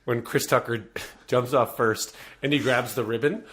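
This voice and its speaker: A man trading absurd jokes in improvised comedy banter, animated and quick to jump in. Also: mid-range voice, a little hiss or hum. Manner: animated, jumps in with absurd one-liners.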